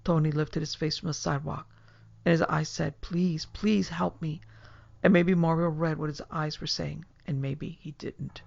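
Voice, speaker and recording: A woman narrating a horror story in a hushed, measured way. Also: sits low, level tone, vocal fry, no room sound, dull audio. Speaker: narrator and producer.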